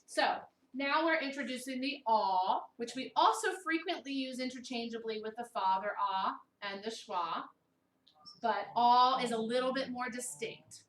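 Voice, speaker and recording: A woman in her thirties from Baltimore with a mid-Atlantic American accent, teaching a vocal technique workshop in an animated way and singing vowel sounds aloud to demonstrate them. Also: a little high, moderate pace. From Baltimore, USA. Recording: echoey room, distant mic, faint hiss.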